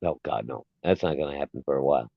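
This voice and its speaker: Man, very low voice, relaxed podcast co-host, dry tinny phone-line audio. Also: quick pace, vocal fry, dry recording. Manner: laid-back, chuckling storyteller. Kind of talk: casual chat.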